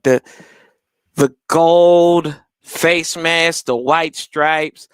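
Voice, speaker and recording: A young man hosting a live watch-party stream, chatting casually with his viewers and laughing loudly. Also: fairly high pitch, drawn-out words, long pauses, clean tone, no room sound, studio quality. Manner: animated, laughs loudly, talks to chat.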